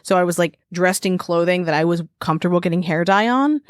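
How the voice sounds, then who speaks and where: A woman's voice: fairly low pitch, fast talker, no room sound, clean studio sound. A woman co-hosting a podcast in casual chat, rambling into tangents and laughing often. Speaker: podcast co-host.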